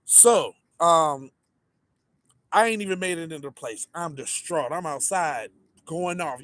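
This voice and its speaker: A man casually telling a story, animated and full of swearing, acting out the people in it. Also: on the high side, measured pace. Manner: animated, profane, acts out the people in his story. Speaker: podcast storyteller.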